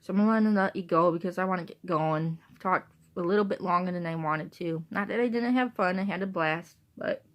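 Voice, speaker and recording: A woman's voice: lowish voice, fairly quick. A woman talking casually to her viewers, rambling and repeating herself, with bursts of laughter between thoughts. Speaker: vlogger.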